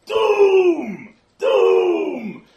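A man's voice: extremely high pitch, wildly swooping pitch, drawn-out words, gravelly, mellow, reverberant, shouting, voice pushed up, heavily acted. A man voicing a small, bug-eyed forest creature that shrieks a single word. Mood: frantic.

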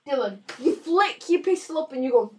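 Woman player, high voice, argues the rules, echoey room, far from the mic. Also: lively intonation, a little fast, warm tone, slight background noise. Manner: argumentative, rules-lawyering. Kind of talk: casual tabletop game chat.

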